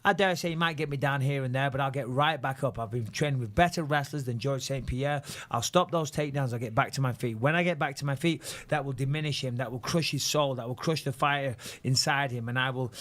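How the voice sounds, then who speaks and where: A man hosting a podcast in a studio, chatting casually and telling stories in a boastful, animated way, swearing freely. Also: medium pitch, a little fast, few pauses. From England. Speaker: podcast host.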